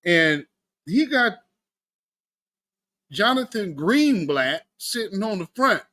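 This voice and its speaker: A man's voice: high voice, slow pace. A man hosting a live stream, giving casual political commentary, talking to his chat and laughing often. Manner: animated, laughing, talks to chat. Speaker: livestream host.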